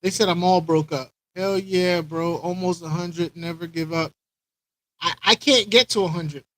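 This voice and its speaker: A high-pitched man hosts a casual live stream from home, rambling and repeating lines as he greets viewers by name. His voice sits close and dry on the mic, with little room sound. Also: steady tone, normal speed, fairly bright tone, no echo, low-quality recording. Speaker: aquarium channel host.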